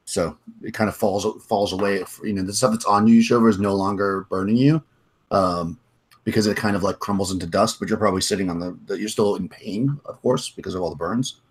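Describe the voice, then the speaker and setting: A man with a low, husky voice narrates as game master for a tabletop game. He rambles through his descriptions, restarting phrases as he goes. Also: fairly even intonation, brisk. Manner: rambling, full of restarts and fillers.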